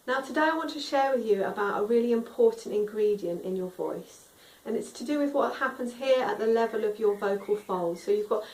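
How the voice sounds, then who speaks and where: A woman with a medium-pitched voice teaches singing, explaining vocal tone in a friendly, instructive manner and demonstrating sung tones. She is recorded far from the mic, a little off-axis, with a roomy echo.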